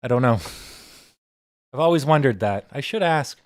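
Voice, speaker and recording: Man, livestream host, relaxed rambling chat, swears freely, dry close mic. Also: mid-range voice, unhurried, no echo. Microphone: desk microphone.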